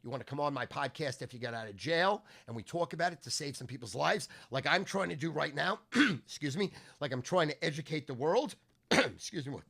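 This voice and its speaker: Loud, crude man ranting in bursts. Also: animated, a little fast, vocal fry. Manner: loud, crude, swings between low grumbling and shouting. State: voice going hoarse. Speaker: sports handicapper and podcast host. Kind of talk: profane ranting monologue.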